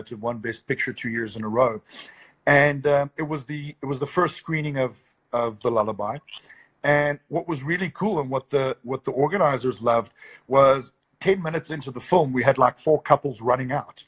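Husky man, chatty. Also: mid-range voice, moderate pace, highs cut off. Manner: enthusiastic, rambling, jokey with many restarts. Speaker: filmmaker guest. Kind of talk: casual live-stream chat.

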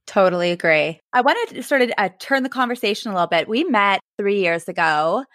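A woman's voice: mid-range voice, expressive, brisk, a bit bright, no echo. Enthusiastic woman host, dry sound. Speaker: podcast host. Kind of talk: casual chat.

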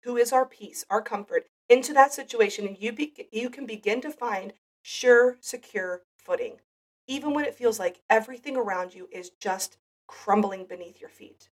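A woman's voice: a little high, normal speed, recorded from a distance. A woman hosting a devotional podcast, giving an earnest, heartfelt Bible teaching. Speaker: podcast host.

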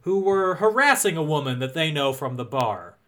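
A man co-hosting a podcast, recapping a movie in casual chat with wry, deadpan asides. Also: a little high, moderate pace. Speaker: podcast co-host.

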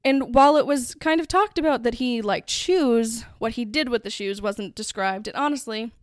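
Smooth-voiced woman hosting a podcast. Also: a little high, moderate pace, no echo, clean studio sound. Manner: chatty, conversational storytelling. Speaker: podcast host. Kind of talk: casual true-crime podcast narration.

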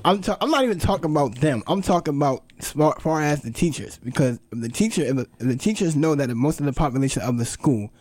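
A man's voice: a little high, expressive, quick pace, few pauses, darkish tone, no echo. A young man hosting a podcast, telling a story in a rambling way with lots of fillers and restarts. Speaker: podcast host. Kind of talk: casual chat.

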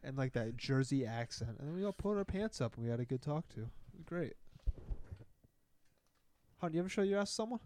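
A man's voice: medium pitch, expressive, fairly quick, long pauses, darkish tone. A young man in his twenties, a podcast guest, talking in a laid-back, hesitant way with lots of uh and bro. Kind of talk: casual chat.

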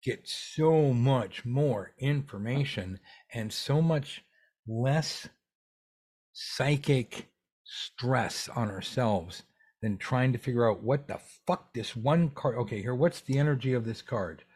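Husky-voiced guy running a live tarot class, talks animated and loose, cusses a bit. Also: mid-range voice, slow. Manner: animated, swearing, jokey asides. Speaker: tarot teacher. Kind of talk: live workshop Q&A.

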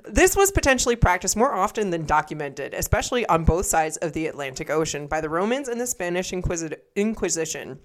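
A woman's voice: fairly low pitch, very animated, a little fast, few pauses. Chatty female podcast co-host. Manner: groans and jokes, talks in a chatty way. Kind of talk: casual podcast chat, reading notes aloud.

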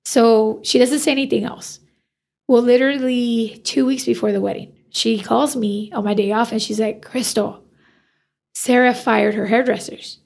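Woman, hairstylist guest, gravelly edge, fairly high voice, lively storyteller. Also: normal speed. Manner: animated, acts out quoted dialogue. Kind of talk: casual storytelling interview.

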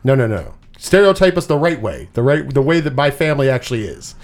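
A man hosting a casual pop-culture chat, animated and swearing freely, with lots of repeated words. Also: medium pitch, fast. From US Northeast. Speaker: podcast host.

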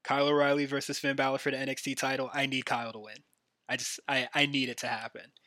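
Bright, dry-voiced man chatting wrestling. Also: mid-range voice, little pitch movement, quick pace, no echo. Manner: rambling, filler-heavy, enthusiastic fan talk. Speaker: podcast host. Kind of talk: casual solo wrestling recap.

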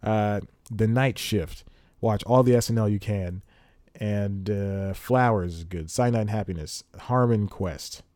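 A man's voice: fairly low pitch, a little slow, darkish tone, no echo, studio quality. A man hosting a solo comedy podcast, ranting with real heat, going off on rambling tangents and laughing at himself. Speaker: podcast host.

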